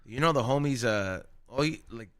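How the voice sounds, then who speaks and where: A man hosting a casual podcast, talking in slangy, excitable bursts and laughing often. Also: medium pitch, normal speed, clean tone. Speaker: podcast host.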